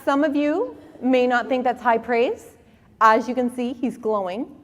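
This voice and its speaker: Woman in her forties, conference speaker, lively storytelling, higher voice, hall echo. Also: measured pace. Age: 40s. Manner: animated, humorous storytelling. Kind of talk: storytelling talk. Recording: long reverb of a hall.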